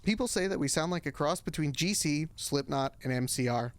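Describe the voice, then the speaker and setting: A man streaming, reading a story aloud with wry, deadpan asides for comedy. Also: on the high side, a little fast, slight background noise.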